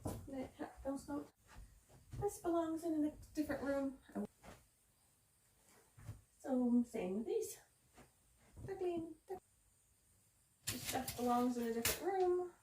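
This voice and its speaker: A woman vlogs while she cleans her bedroom, chatting to viewers in a casual, self-mocking way. Her voice sits a little high. The camera mic picks her up as she moves around the room, with a faint hiss underneath. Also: takes it slowly, pauses often, warm tone, echoey room. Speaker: home cleaning vlogger. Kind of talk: casual vlog narration while tidying. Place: bedroom at home.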